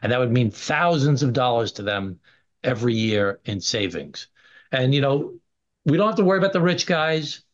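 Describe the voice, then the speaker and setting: A man's voice: medium pitch, lively intonation, normal speed. Emphatic New congressman, lo-fi. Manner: forceful, emphatic, argumentative. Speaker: congressman guest. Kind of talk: radio interview. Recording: dull lo-fi radio sound.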